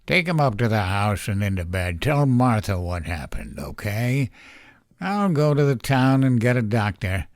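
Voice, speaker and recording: A man voicing a brutal father who speaks slowly and calmly when angry, with a drawling, threatening manner. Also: lowish voice, no room sound, studio quality. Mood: falsely concerned. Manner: slow, calm, threatening drawl. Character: brutal menacing father, man, slow and calm in anger.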